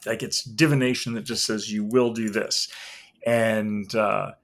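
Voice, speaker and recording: A middle-aged man talking as the guest in a relaxed interview. He is an animated storyteller and slips in and out of the voices of the people he quotes. His pitch climbs high when he mimics someone. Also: measured pace. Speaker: guest, tarot reader. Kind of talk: casual interview talk, anecdotes.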